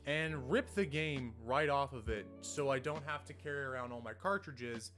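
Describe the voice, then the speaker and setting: A man's voice: mid-range voice, normal speed, fairly bright tone. Young male streamer, casual profane rant, music underneath. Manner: ranting, profane, rambling. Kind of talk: casual livestream chat. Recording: music playing behind.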